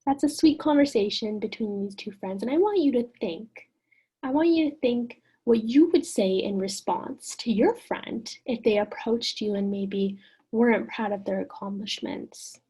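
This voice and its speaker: A woman teaching an online lesson in a gentle, encouraging way, often putting questions to the listener. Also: fairly high pitch, normal speed, slightly rough.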